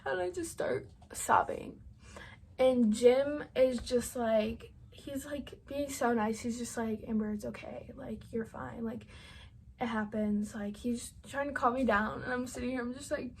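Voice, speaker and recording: A woman's voice: on the high side, steady tone, measured pace, darkish tone, a little hiss or hum. A young woman vlogger telling a storytime to her camera, rambling casually with constant "like" and frequent swearing. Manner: rambling, heavy use of "like" and swearing.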